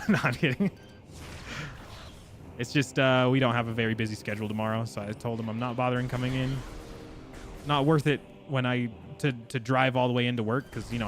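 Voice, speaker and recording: A man's voice: mid-range voice, fairly bright tone. A man chatting casually with his viewers while he streams a game. He rambles and laughs often. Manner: talks to chat while playing. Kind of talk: casual live gameplay chat.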